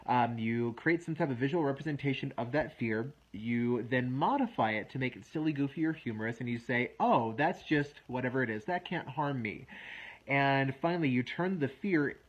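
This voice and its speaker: A man in his thirties, a wellness coach, explaining a method step by step in a relaxed, self-deprecating way. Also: mid-range voice, moderate pace, highs cut off. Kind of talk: instructional talk to camera.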